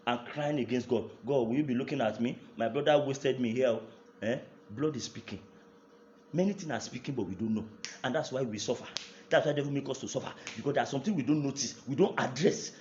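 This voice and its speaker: A man's voice: medium pitch, a little mellow, echoey room, muffled recording, slight background noise. A man with a Nigerian English accent preaching a fervent prayer sermon, repeating declarations with rising intensity. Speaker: pastor.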